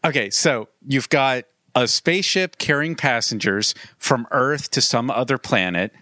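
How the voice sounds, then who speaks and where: A man in casual podcast chat, playfully pitching ideas with enthusiasm. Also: a little slow, pushed and bright, no echo, studio quality. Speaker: podcast co-host.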